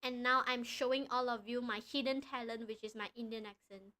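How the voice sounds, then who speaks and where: A young woman from Malaysia chatting casually on a live stream, excitable and often breaking into laughter. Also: on the high side, fairly quick.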